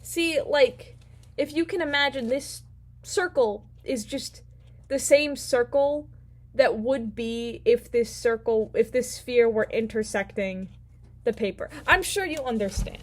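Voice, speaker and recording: A woman's voice: fairly high pitch, a little slow. A woman casually recapping a book as a vlog host, playful and rambling with slang. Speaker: book vlogger.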